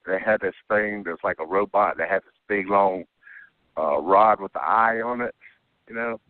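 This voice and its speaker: A man's voice: deep voice, normal speed, dry recording. A man calling in to tell a rambling personal story, checking in with "okay?" again and again. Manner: rambling, keeps adding "okay?". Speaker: caller telling an alien abduction story. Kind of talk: casual phone-in storytelling. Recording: tinny dry phone line.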